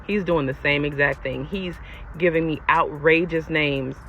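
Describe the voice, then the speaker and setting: A young woman telling a personal storytime to her viewers in a casual, animated and exasperated way. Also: sits low, unhurried, soft background music. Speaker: storyteller vlogger. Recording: lo-fi with faint background noise.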